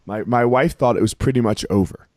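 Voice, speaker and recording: A man's voice: mid-range voice, brisk, a little mellow, dry recording, clean studio sound. A man in his forties, a podcast guest talking in a rambling, casual way, full of fillers and profanity.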